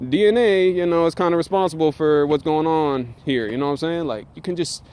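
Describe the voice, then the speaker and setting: A man's voice: a little high, brisk, darkish tone, smooth. A man rants to camera in a slightly raised voice. His talk is loose, slangy and heavy with swearing. He repeats points for emphasis and cuts in with short laughs. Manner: profane, slangy and emphatic, with frequent laughs and filler. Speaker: vlogger. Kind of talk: casual rant to camera.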